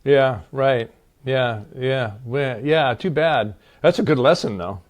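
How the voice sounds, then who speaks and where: A man's voice: medium pitch, slow pace. Earnest man who repeats phrases for weight. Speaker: actor and podcast guest. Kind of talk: casual conversation.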